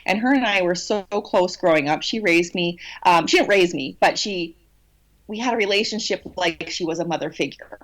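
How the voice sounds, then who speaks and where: A woman telling a personal story in a podcast interview, cheeky and animated, with many restarts. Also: lowish voice, moderate pace. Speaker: guest channeler.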